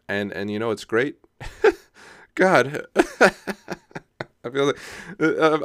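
A man's voice: mid-range voice, fairly bright tone, clean tone, no echo, clean studio sound. A young man hosting a solo podcast, rambling casually, often laughing at himself and checking in with "right?". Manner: casual, self-mocking, laughs often, says "right?" a lot. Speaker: podcast host.

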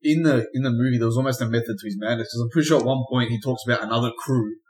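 Quick sweary man, echoey room. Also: medium pitch, darkish tone. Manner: sweary, retelling scenes. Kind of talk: casual film discussion.

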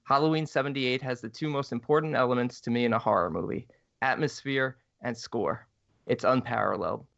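A man's voice: mid-range voice, brisk, vocal fry, a bit bright, dry recording. A man co-hosting a podcast, talking bluntly, swearing and laughing often, and reading out a listener email. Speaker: podcast co-host. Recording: dry, slightly dull sound.

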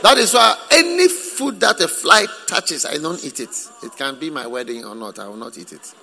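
A man preaching a sermon in a church, lively and joking with the congregation. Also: on the high side, moderate pace, gravelly, some chatter behind. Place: church hall. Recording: echoey hall with long reverb.

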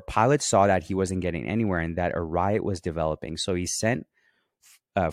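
A man with a low voice hosts a Bible teaching podcast in a dry, clean studio recording. He reads scripture aloud, stopping often to stress key words and urge his listeners to take them in.

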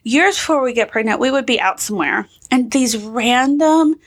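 A young pregnant woman in easy conversation, her voice sitting notably high. She tells stories with animation and slips into acting out what others said. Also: moderate pace. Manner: animated storyteller, acts out quotes. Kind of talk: casual chat.

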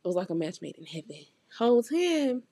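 A young woman hosts a podcast, telling a story bluntly and candidly with plenty of profanity while acting out the quoted dialogue. Her medium-pitched voice is very animated and fairly quick, mellow with a breathy edge, and the recording has no room sound.

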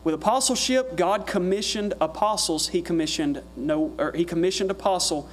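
A man preaching a sermon in a church, repeating his phrases and climbing higher and louder as he presses his points. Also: moderate pace, a little hiss or hum. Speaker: guest preacher.

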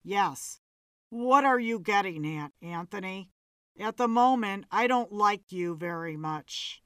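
Rich: A hot-tempered, defensive middle-aged man who answers gruffly and clips his words, as a woman reading a story puts him on. The pace is slow, and the recording is dry. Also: medium pitch, lively intonation, dry recording.

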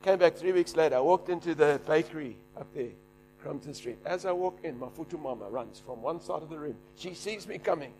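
A middle-aged man preaching, animated, shouting and laughing as he tells a story. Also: a little high, a little fast, faint music behind. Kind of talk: sermon storytelling.

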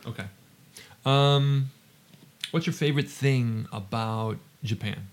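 A man's voice: mid-range voice, takes it slowly. A man hosting a podcast interview, chatty and teasing, with lots of "like" fillers. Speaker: podcast host. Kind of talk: casual interview chat.

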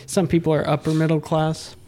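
A man co-hosting a podcast in casual chat, jokey and quick to laugh, often asking leading questions. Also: fairly high pitch, completely flat delivery, dark tone. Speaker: podcast co-host.

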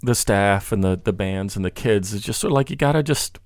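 A man with a fairly low voice talks in a loose, rambling way, full of restarts and fillers. It is a casual podcast conversation. The sound is dry and close. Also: brisk, no echo. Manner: rambling, many restarts and "you know" fillers.

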